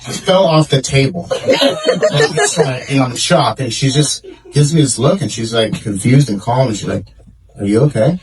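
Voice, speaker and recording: A man's voice: mid-range voice, big pitch swings, normal speed, a loud crowd. A man doing a stand-up comedy set on a club stage, telling stories in a laid-back, rambling way with lots of fillers. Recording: distant mic, loud audience laughter. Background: audience laughing.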